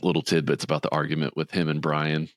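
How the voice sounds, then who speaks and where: A man's voice: level tone, fast talker, no echo. A man casually recapping a film on a podcast, acting out the characters' lines in a raised voice. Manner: retells scenes, acting out quotes in a higher voice. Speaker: podcast co-host. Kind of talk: casual movie recap chat.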